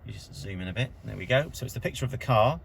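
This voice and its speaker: A man's voice: medium pitch, animated, quick pace, gravelly, a little hiss or hum. A man from a car dealership giving a casual how-to demonstration from inside a car, explaining plainly step by step as he points things out. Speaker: car dealership staff presenter.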